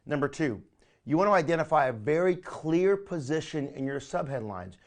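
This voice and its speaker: A man leading a recorded training session, talking in an energetic, coaching way and often calling listeners "my friend". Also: a little high, moderate pace. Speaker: online marketing trainer.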